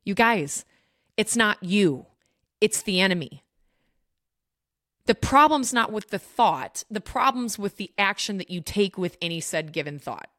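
A woman's voice: mid-range voice, lively intonation, unhurried, a bit bright, dry recording, studio quality. A woman hosting a faith podcast, talking earnestly and emphatically straight to her listeners. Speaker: podcast host. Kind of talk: faith teaching podcast talk.

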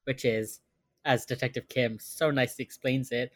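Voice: medium pitch, steady tone, normal speed, dry recording. A podcast host walks through an episode's plot scene by scene from notes, in a loose, chatty way full of fillers. The voice sits in a middle range and sounds dry and close. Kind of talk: casual chat.

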